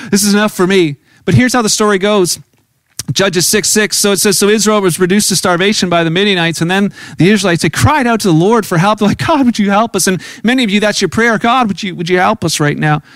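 A man's voice: sits high, a bit bright, dry recording, poor audio. A middle-aged male pastor giving a conversational sermon, often restarting phrases and acting out quoted voices.

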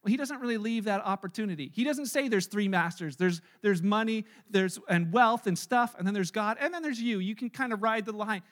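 A man preaching a sermon in church, animated and acting out everyday scenes in little voices. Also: high-pitched, brisk, hardly any pauses. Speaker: pastor. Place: church service.

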